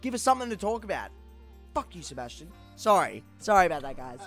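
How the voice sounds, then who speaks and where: High-voiced sweary guy. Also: very animated, quick pace, a bit bright, faint music behind. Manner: rambling, sweary, mock-scolding banter. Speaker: podcast co-host. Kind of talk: casual gaming stream chat.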